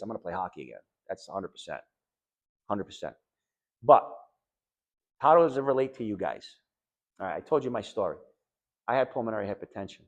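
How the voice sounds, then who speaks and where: A middle-aged man telling a group about his recovery after a lung transplant, animated, jumping between loud joking and quiet earnest talk, often repeating words. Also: fairly low pitch. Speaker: lung transplant patient speaking to patients. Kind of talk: personal story told to a group.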